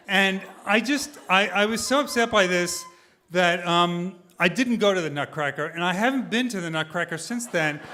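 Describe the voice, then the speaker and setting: Animated man telling a story on stage. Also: high voice, moderate pace. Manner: animated, self-deprecating, laughing through lines. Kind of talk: live personal storytelling. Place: stage at a live storytelling event.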